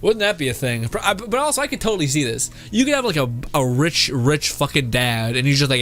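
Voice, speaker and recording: A man's voice: fairly high pitch, very animated, fast, few pauses, a bit bright. A young man casually reacting to memes, laughing often and swearing while he rambles.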